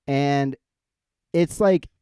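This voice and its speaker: A man hosts a loose, laughing chat, tossing out questions and rambling through stories full of fillers. His voice is mellow and smooth, and the recording is close and dry. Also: fairly high pitch, drawn-out words, dry recording. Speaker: podcast host. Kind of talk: casual chat.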